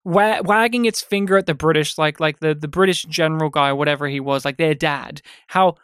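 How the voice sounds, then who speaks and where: A man co-hosting a podcast, casually reviewing a film with animated, sweary retellings of scenes. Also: a little high, fairly quick, smooth, dry recording, clean studio sound. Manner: animated, sweary, acts out scenes in quoted voices. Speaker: podcast co-host.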